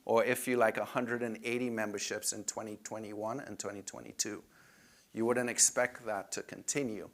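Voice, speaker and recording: A man's voice: fairly low pitch, flat delivery, moderate pace. A man presenting club finances to members in a conversational way, often saying "if you will".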